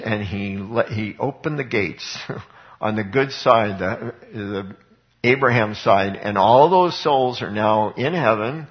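A man delivers a sermon with earnest emphasis, moving between Bible reading and rhetorical questions. His voice sits at an ordinary middle pitch. The recording is dull and lo-fi. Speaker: preacher.

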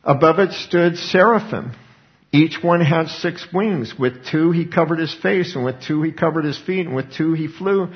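A male preacher giving a sermon, expounding scripture earnestly and breaking into animated asides, on a dull lo-fi recording. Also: on the high side, moderate pace.

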